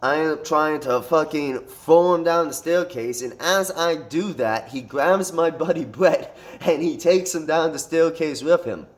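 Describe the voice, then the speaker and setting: A man's voice: on the high side, a little slow, few pauses. A man telling a fight story in a casual storytime monologue, swearing constantly and rambling with restarts. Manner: profane, animated retelling with frequent swearing.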